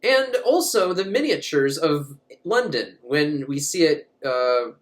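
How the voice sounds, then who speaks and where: Casual male film reviewer, profane and rambling, higher voice, very lively pitch. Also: slow pace. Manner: profane, rambling, laughs often. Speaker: movie reviewer. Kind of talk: casual comic movie recap.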